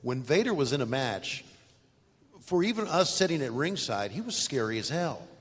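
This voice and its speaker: A man's voice: medium pitch, sing-song, moderate pace, breathy edge, in a large hall. A man hosting a live fan Q&A, chiming in with short agreements between the guest's stories. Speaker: host.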